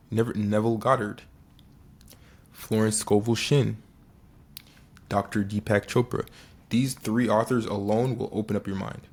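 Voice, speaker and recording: A man's voice: on the low side, vocal fry, breathy edge. A young man giving an earnest, casual motivational talk, often restarting and repeating phrases for emphasis. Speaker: motivational speaker.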